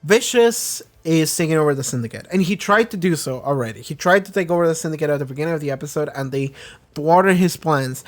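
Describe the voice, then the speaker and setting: A young man with a somewhat high voice talks through an anime episode he just watched. His delivery is casual and excitable, full of fillers, restarts and easy swearing. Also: quick pace. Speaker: anime reaction host. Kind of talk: casual reaction commentary.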